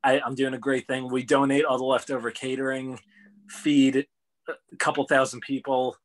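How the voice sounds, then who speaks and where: A man's voice: mid-range voice, flat delivery, moderate pace. Chatty young man telling his story. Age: 20s. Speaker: podcast guest. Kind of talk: casual interview chat.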